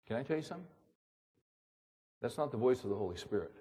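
A man's voice: mid-range voice, sing-song, fast, long pauses, warm tone, slightly rough. A man preaching as a pastor, emphatic and repetitive, pressing his listeners with rhetorical questions. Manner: emphatic, repeats words, fires rhetorical questions. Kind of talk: sermon. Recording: long reverb of a large hall.

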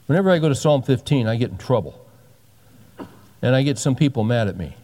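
A man's voice: mid-range voice, animated, brisk, warm tone, long reverb tail, a little hiss or hum. A pastor in his sixties giving a sermon with folksy, joking asides. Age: 60s.

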